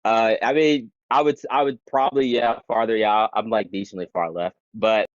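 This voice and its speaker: Dude calling in to argue, rambly, says like a lot, dull dry call audio. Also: male voice, lowish voice, fairly even intonation, normal speed, no room sound. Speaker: caller in a debate stream. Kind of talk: casual heated argument.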